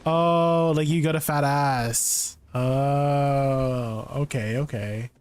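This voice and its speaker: A man's voice: mid-range voice, fairly even intonation, extremely slow, clean tone, no room sound. A man streaming a game, chatting casually, reading chat aloud and laughing often.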